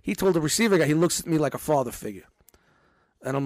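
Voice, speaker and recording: Profane storytelling man, fairly high voice. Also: lively intonation, fast, a little mellow, dry recording. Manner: profane, storytelling, acts out quotes. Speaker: grocery store department manager. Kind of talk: casual chat.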